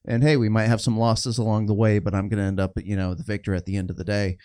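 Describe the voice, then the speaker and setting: A man in his forties co-hosting a podcast, speaking in a measured, reflective way with plenty of fillers. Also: fairly low pitch, level tone, darkish tone, no echo, clean studio sound. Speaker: podcast co-host. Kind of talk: casual podcast chat.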